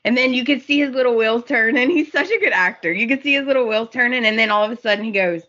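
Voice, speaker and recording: A woman co-host chats about a soap opera, animated and quick to laugh as she acts out the scenes. Her voice is high and very bright. The audio is slightly muffled and lo-fi. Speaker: podcast co-host. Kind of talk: casual chat recapping a soap opera.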